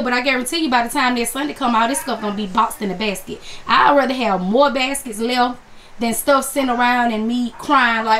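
A woman's voice: on the high side, fairly quick, fairly bright tone, a little hiss or hum. A woman talking casually to viewers about her craft haul, calling them honey and y'all. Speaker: crafts vlogger. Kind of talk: casual chat to camera.

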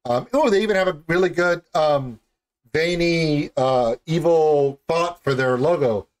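A man's voice: fairly high pitch, a little slow. A man hosting a music video reaction, talking in an enthusiastic, rambling and jokey way. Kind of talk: casual reaction commentary.

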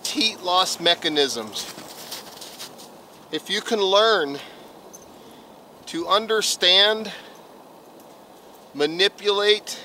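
Slow, folksy man teaching outdoors. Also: high voice, expressive, sharp tone, slight background noise. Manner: explains slowly and plainly, folksy phrasing. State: out of breath. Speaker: survival instructor. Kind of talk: outdoor instructional vlog. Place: outdoors in snow.

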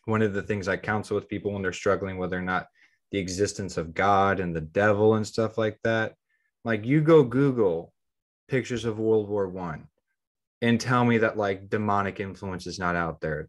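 A man's voice: on the low side, fairly even intonation, moderate pace. A man co-hosting a podcast in casual chat, rambling, leaning on "like" and often restarting his sentences. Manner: rambling, heavy use of "like". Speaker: podcast co-host.

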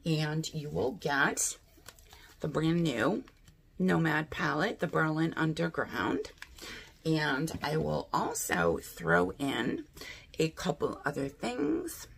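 A woman's voice: deep voice, very animated, takes it slowly, gravelly, a little hiss or hum. A woman chatting casually through a beauty box unboxing, thinking aloud and asking her viewers what she should do. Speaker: beauty vlogger.

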